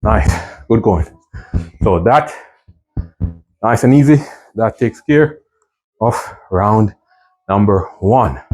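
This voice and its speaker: A man's voice: on the low side, expressive, slow pace, pauses often, a little mellow, rough recording. A man coaching a home workout while doing it, counting reps aloud and checking in with "right?" and "okay?", his voice strained from exercising. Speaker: fitness instructor.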